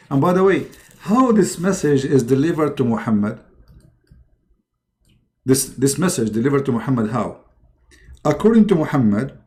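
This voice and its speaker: A man giving sardonic commentary, halting and stumbling with frequent fillers between sketches. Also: medium pitch, a little mellow. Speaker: religious commentator.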